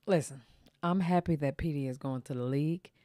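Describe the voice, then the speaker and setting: A woman's voice: sits low, mellow, dry recording. A woman hosts a gossip show. She talks loosely and sassily, drawing out her asides. The sound is dry and close. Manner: sassy, drawn-out asides. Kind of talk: casual commentary.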